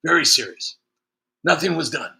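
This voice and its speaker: Brief: male streamer host, casual sarcastic rant, gravelly and very forceful voice. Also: a little high, expressive, normal speed. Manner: sarcastic, joking, frequent fillers. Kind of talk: casual ranting monologue.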